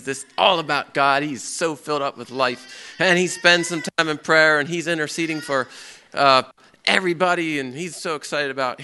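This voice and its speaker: A man leading a Bible class, bright and clear, his voice sitting a little high for a man. He tells a story with lots of energy and keeps turning to his listeners with questions. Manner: lively, asks the audience questions, acts out a story. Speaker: pastor teaching a Bible class. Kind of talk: interactive sermon with storytelling.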